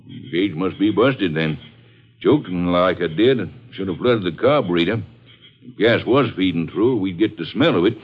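Aging lawman, easygoing drawl, low lively voice, dull vintage broadcast. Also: moderate pace, breathy edge. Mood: genial. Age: older. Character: elderly small-town male constable. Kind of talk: 1950s radio drama acting. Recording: muffled old radio broadcast.

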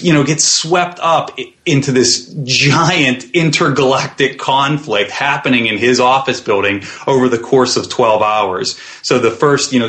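A man's voice: mid-range voice, fairly bright tone. A man, guest on a podcast, describing his web series in a thoughtful interview style with plenty of fillers and restarts.

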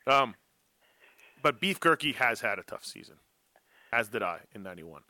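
A middle-aged man hosting a casual motocross chat, telling animated self-mocking stories. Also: medium pitch, moderate pace, no echo. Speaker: podcast host.

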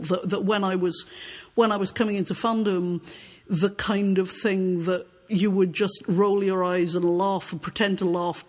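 A woman's voice: fairly low pitch, breathy edge. A woman author who reads aloud from her own novel and then answers questions thoughtfully, often repeating words as she starts a sentence. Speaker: author being interviewed.

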